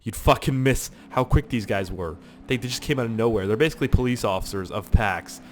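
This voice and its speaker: A man's voice: mid-range voice, brisk, a little hiss or hum. A man from Canada, telling rambling, profane stories while he plays a game. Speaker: gaming YouTuber. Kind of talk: casual storytelling over gameplay.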